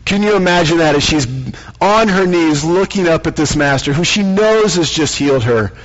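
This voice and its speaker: A man preaching a sermon, telling a story and slowing down for dramatic emphasis. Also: a little high, lively intonation. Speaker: pastor. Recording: dull lo-fi sound.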